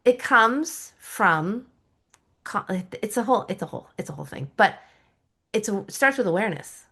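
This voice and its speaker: A woman's voice: medium pitch, expressive, normal speed, bright, forceful tone, breathy edge. Candid, chatty middle-aged woman coach. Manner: laughs often, chatty and self-deprecating. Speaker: guest, lifestyle coach. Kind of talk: candid personal storytelling.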